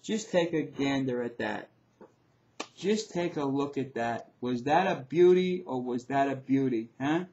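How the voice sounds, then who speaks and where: Man, middle-aged, show host, loud profane rant, repetitive, muffled lo-fi sound. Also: mid-range voice, expressive, measured pace. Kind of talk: ranting video commentary.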